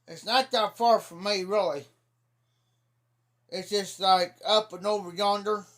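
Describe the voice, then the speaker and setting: A man's voice: sits high, fairly even intonation, unhurried, a bit bright. A middle-aged man from Ohio telling rambling folksy stories on a casual livestream, repeating "I said" as he goes. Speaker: livestream host. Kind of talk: casual storytelling chat.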